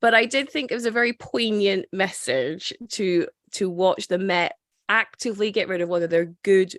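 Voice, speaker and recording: A woman hosting a casual film discussion, chatty and quick to act out scenes from the story. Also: mid-range voice, dry recording, clean studio sound. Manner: chatty, recounts scenes with quoted voices. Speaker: podcast host.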